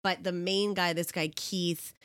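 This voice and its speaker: A woman with a somewhat low voice, chatting casually and telling animated stories full of fillers and restarts. The recording is dry and close, with no room sound. She talks the way a regular podcast co-host does. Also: unhurried, no room sound. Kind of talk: casual chat.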